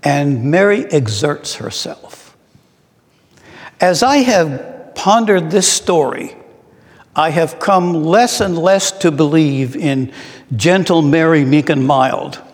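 Slow, reflective male preacher in a hall. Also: on the high side, expressive. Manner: slow, reflective, with rhetorical questions. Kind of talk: sermon. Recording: long reverb in a large hall.

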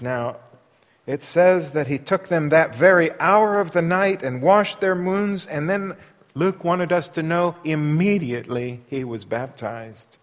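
A man preaching a sermon, asking his listeners rhetorical questions and moving between quiet asides and loud, emphatic passages. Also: a little high. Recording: long hall reverb.

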